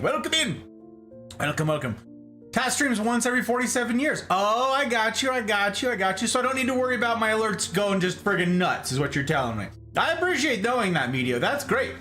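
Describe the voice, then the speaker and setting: Lively, animated male streamer host. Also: sits high, fairly quick, soft background music. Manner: animated, playful, reads chat aloud and greets viewers. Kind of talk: casual live-stream chat.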